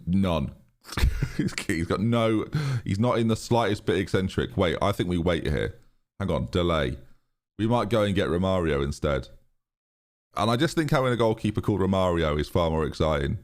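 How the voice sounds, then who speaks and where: A man streaming a football management game live, chatting excitedly to his viewers and laughing often. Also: deep voice. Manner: excitable, chatty, talks to chat. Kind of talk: live gaming commentary.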